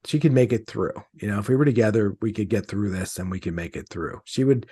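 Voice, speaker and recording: Husky, hesitant middle-aged man. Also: lowish voice, brisk, warm tone, dry recording. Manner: hesitant, many fillers and restarts. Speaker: interview guest, author. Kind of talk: conversational interview.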